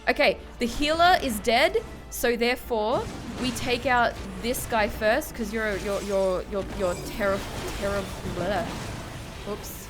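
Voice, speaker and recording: A woman's voice: a little high, a little slow. A tipsy woman streaming a game, cursing, muttering to herself and chat, now and then breaking into panicked shrieks. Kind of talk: live gameplay commentary. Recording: game music clearly under the voice. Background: game music.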